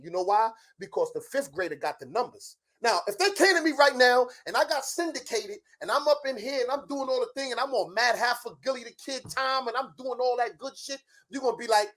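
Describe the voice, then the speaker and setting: A middle-aged show guest in a heated argument rants loudly in a very high-pitched, expressive voice. He peppers his speech with profanity and fires off challenges one after another.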